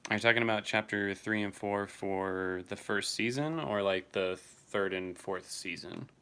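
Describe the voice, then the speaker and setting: A man's voice: on the low side, normal speed, bright, forceful tone, clean tone. A young man casually chatting on a livestream, answering viewers by name and swearing now and then. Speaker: streamer reading live chat.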